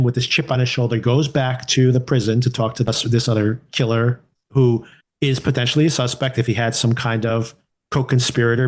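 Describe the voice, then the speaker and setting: Male podcast co-host, easygoing mid-range voice, conversational reviewer who muses and questions as he goes. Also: medium pitch. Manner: conversational, thinking aloud with restarts and rhetorical questions. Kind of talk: casual TV review chat.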